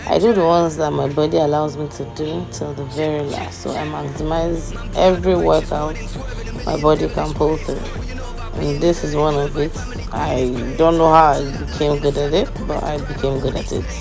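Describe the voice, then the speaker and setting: A young woman narrates her workout vlog in a low voice with a gravelly fry. She chats loosely and giggles, acting out little quotes from her friends. Loud music plays underneath her voice. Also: steady tone, moderate pace, poor audio. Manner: chatty and giggly, acts out quotes. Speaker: vlogger. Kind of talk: casual workout vlog chat.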